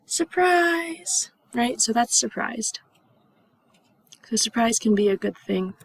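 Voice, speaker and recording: Young female English teacher, slow and clear delivery, breathy with some vocal fry, acts out example phrases. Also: medium pitch, darkish tone, no echo, poor audio. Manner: models example phrases with acted gasps and whispers. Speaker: ESL teacher. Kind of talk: slow, clearly enunciated classroom instruction.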